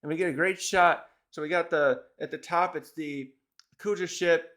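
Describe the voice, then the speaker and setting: A man's voice: fairly high pitch, fairly even intonation, moderate pace, fairly bright tone. A man casually reviewing a manga chapter, retelling it in a rambling way with many restarts.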